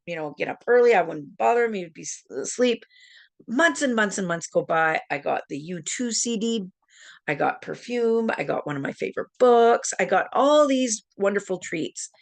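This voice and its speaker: A woman giving a webinar talk on productivity, telling a personal story with lively acted-out dialogue. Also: fairly low pitch. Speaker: webinar presenter. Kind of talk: storytelling presentation.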